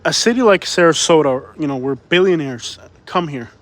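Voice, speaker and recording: A man vlogs live from city streets with a phone in his hand, slightly out of breath as he walks. He rambles, circles back over his points, and answers viewers in a fairly high voice. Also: expressive, normal speed. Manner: rambling, repeats himself, reads chat aloud. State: out of breath from walking. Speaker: live-stream vlogger. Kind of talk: casual live-stream walking commentary.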